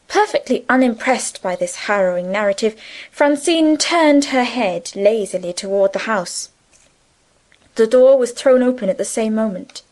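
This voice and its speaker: A woman narrating a novel in a measured storytelling manner. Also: on the high side, expressive, darkish tone, low-quality recording. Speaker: audiobook narrator. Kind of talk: scripted narration.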